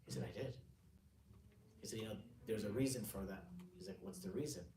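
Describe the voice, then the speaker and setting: A man, an Islamic scholar, giving a religious lecture to a gathering. He tells stories casually, then slows down and speaks with emphasis when he explains sayings. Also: lowish voice, warm tone, slight background noise. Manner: casual, conversational storytelling with frequent "you know" and restarts. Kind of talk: religious lecture with a storytelling anecdote. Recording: roomy, distant mic with faint ambience.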